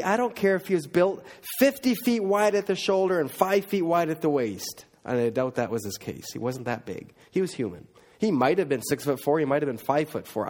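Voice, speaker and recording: A man delivers a sermon, telling stories that swing sharply between loud, emphatic lines and quiet, low asides.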